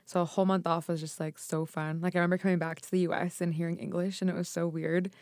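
Podcast guest: young woman, smooth lower voice, chatty and filler-heavy, dry sound. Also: little pitch movement, quick pace, darkish tone, no room sound. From United States. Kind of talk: casual chat.

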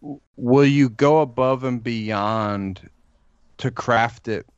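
A man co-hosting a casual podcast, talking things through in a measured way with hesitant restarts. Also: medium pitch, smooth, no room sound, muffled recording. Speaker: podcast co-host. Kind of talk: casual chat.

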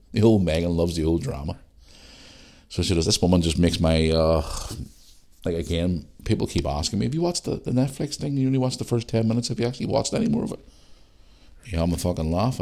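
A man hosts his own podcast in a casual, opinionated ramble. His voice sits low and deep. He talks bluntly and swears freely. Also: darkish tone. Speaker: podcast host. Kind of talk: casual ranting monologue.

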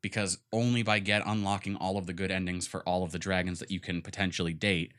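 The young man speaks fast in a low, slightly bright voice with little pitch movement. As a podcast co-host, he rambles enthusiastically about video games in casual chat, full of fillers.

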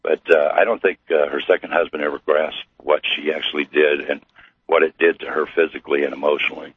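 A middle-aged man from Missouri, a guest telling his story slowly with many pauses and fillers. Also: extremely low pitch, little pitch movement, husky, no room sound. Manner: slow, halting with many fillers. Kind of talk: storytelling interview. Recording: tinny phone-like radio line.

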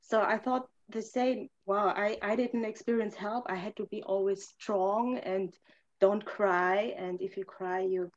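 A woman sharing a personal testimony, earnest and halting, pausing often on fillers and restarting her sentences. Her English phrasing is non-native and her voice sits at an average pitch. The recording has a slightly dull, lo-fi sound. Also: fairly even intonation. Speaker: podcast guest.

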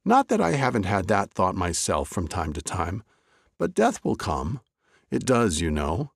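A man voicing a wise, chatty old male rabbi in a told story, lifting his voice higher and teasing gently. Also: wildly swooping pitch, unhurried, gravelly, breathy edge, no echo, studio quality, full character voice. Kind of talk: storybook character voice.

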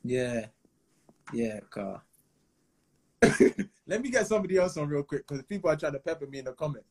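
A laid-back man hosts a casual live stream, nodding along with frequent mm-hmms. His voice has a husky, slightly rough grain. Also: fairly high pitch, animated, moderate pace, a little mellow. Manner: laid-back, agreeable, many fillers. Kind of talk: casual chat.

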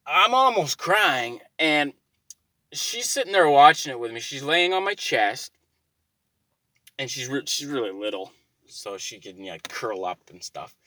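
Male storyteller, slightly high pitch, loose and profane, dry recording. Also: dry recording. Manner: rambling, profane, gets loud and exasperated. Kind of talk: casual storytelling monologue.

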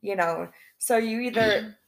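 A woman's voice: fairly high pitch, unhurried, gravelly. A young woman co-hosting a casual podcast at home, rambling and giggly with lots of fillers and restarts. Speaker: podcast co-host. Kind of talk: casual chat.

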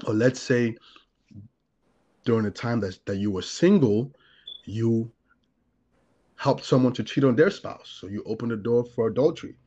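A man's voice: mid-range voice, moderate pace, long pauses, warm tone, husky, dull audio. A man who works as a deliverance minister, explaining his views earnestly in a conversational teaching style and building his points through repeated lists. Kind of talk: conversational teaching on a talk show.

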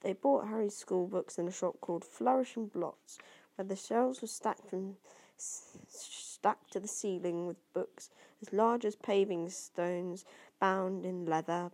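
A woman's voice: medium pitch, mellow. A woman doing an amateur audiobook reading, stumbling over words and restarting now and then. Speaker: reader.

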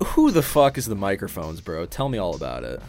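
A man's voice: sits low, huge pitch swings, brisk, over music. A man hosting a casual podcast, joking around and swearing with his guest. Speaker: podcast host.

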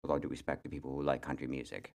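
A man's voice: rumbling low, little pitch movement, rapid-fire, vocal fry, darkish tone. A male podcast host in casual chat, blunt and ranting, often repeating his words.

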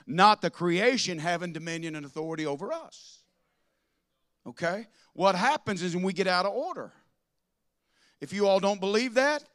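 A man preaching a sermon to a congregation, swinging from loud declarations to soft asides. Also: high-pitched. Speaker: pastor. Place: church with a congregation.

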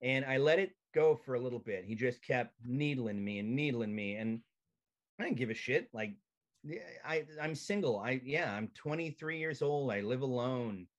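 A male comedian telling a profane, animated comic story as a podcast guest over a video call. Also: mid-range voice, moderate pace.

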